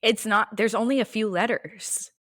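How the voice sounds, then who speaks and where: In a clean studio recording with no room sound, a young woman co-hosts a casual podcast. Her voice is a little high and a bit bright, with a steady tone and moderate pace, and she chats with laughs and trailing asides.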